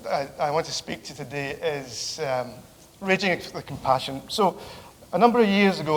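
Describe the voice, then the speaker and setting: A middle-aged man giving a relaxed, joking lecture as a theology professor, often pausing on fillers. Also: a little high. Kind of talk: conversational lecture. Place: large lecture hall. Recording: reverberant hall with faint background noise.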